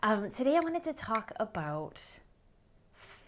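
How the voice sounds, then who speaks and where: A woman in her thirties with a North American accent, chatting casually to the camera, animated and laughing often. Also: a little high, a little slow, a little hiss or hum. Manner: animated, laughs often, exaggerated quoted voices. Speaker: vlogger.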